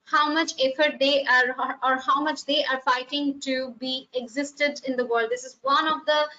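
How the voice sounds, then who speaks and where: A woman gives an unscripted wildlife presentation, pausing often on fillers and restarting her sentences. Her voice is high and bright. The audio is muffled and lo-fi, like a video call. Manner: hesitant, many fillers and restarts. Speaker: expedition leader giving a wildlife talk. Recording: muffled, lo-fi online talk audio.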